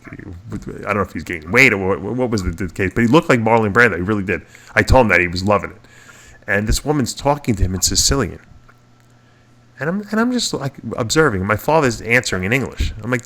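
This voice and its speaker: Low, bright-voiced man telling rambling stories. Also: expressive, a little fast. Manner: rambling, restarts often, chuckles through stories. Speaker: podcast co-host. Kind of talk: casual storytelling chat.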